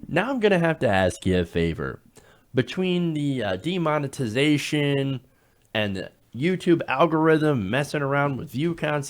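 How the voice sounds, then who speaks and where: A man hosting an opinion commentary show, talking in an emphatic, sarcastic way and repeating lines for effect. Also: mid-range voice. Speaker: political commentary host.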